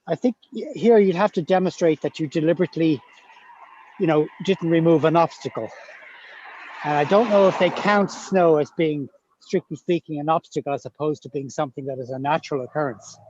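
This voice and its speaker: A man's voice: on the high side, a little fast, a little mellow, slight background noise. A man chatting casually on a group video call, thinking aloud with fillers. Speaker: live chat guest. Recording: muffled lo-fi audio.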